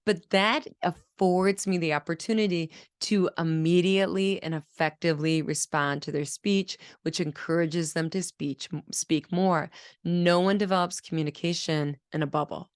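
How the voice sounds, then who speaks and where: Low-voiced woman explaining speech therapy. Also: steady tone, normal speed, smooth, dry recording, clean studio sound. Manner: explanatory, demonstrates speech sounds. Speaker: speech-language pathologist. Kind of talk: educational video lesson.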